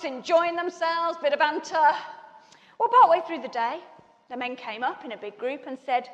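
A woman preaching a sermon, telling a personal story with animated, acted-out dialogue. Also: high voice. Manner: animated storytelling, acting out others' lines. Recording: long reverb in a large hall.

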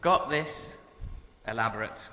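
A man's voice: medium pitch, lively intonation, a little slow, bright, forceful tone. A man telling humorous personal stories to an audience in a chatty, self-mocking way. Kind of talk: humorous anecdote told to an audience. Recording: echoey hall with long reverb.

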